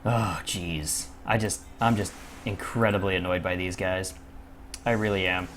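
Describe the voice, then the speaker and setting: Young guy gaming commentary, lowish voice, cursing and grumbling, faint background hum. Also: fairly even intonation, unhurried, fairly bright tone. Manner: frustrated, swearing, muttering to himself. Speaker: gaming YouTuber. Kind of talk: live gameplay commentary.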